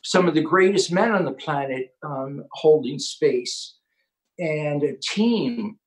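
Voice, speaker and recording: Man telling an excited inspirational story. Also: a little high, slow, poor audio. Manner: excited, storytelling, acts out quotes. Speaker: host.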